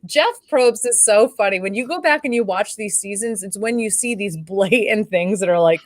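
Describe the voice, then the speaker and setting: A woman co-hosting a casual podcast, talking in an animated way and acting out quotes from a reality show. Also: medium pitch, normal speed, no echo. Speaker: podcast co-host.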